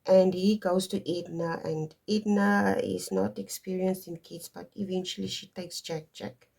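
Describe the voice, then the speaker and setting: Tarot reader, woman, low warm voice, digressive and emphatic. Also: a little slow, creaky. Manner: digressive, emphatic, stops to stress points. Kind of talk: casual spoken astrology reading.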